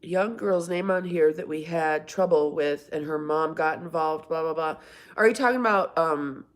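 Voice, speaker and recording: Reading viewer comments and answering them by name, a middle-aged woman hosts a casual, rambling livestream from home. She speaks in a deep voice at a moderate pace.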